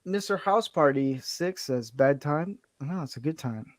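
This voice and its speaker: A man's voice: on the high side, animated, measured pace, no echo. Rambling man with a light Southern drawl. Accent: light Southern American. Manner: rambling, laughs often, drawls his R's. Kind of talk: casual chat.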